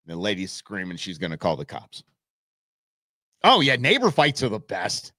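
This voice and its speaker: A man's voice: sits low, moderate pace, no echo. Rambling storytelling man, dry sound. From Southern California and Arizona. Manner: rambling, animated anecdote with folksy idioms. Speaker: live show host. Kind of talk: casual storytelling on a live stream.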